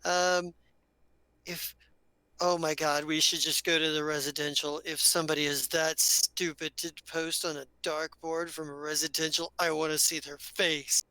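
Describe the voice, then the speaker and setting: A man's voice: a little high, level tone, normal speed, bright, forceful tone, clear, resonant tone, no room sound, rough recording. A man narrating a tabletop role-playing game as game master, rambling with many fillers and restarts.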